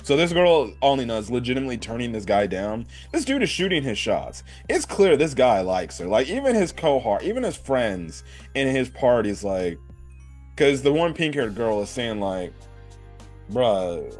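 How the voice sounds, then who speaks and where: A man's voice: mid-range voice, darkish tone. A man casually recapping an anime episode, rambling with lots of fillers and cursing. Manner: rambling, swears, many fillers like "like" and "right". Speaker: anime reviewer.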